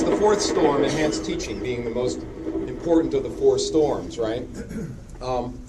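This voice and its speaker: A middle-aged man giving a conference keynote in a hall, animated and joking with quick asides. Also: mid-range voice. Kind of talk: conference presentation. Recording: distant mic with steady background hiss.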